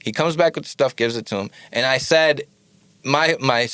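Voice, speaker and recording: Guy on a podcast telling a wild story, lots of "like", mid pitch, dry mic. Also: normal speed, clean tone, no echo. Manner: animated, acts out quoted lines, fillers like "like". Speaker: podcast guest, studio owner. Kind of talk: casual storytelling.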